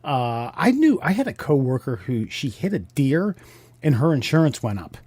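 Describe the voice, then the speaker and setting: A man's voice: medium pitch, big pitch swings, normal speed, a little mellow, no echo. Joking, rambling man on a dry mic. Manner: joking, rambling, restarts a lot. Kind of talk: casual chat.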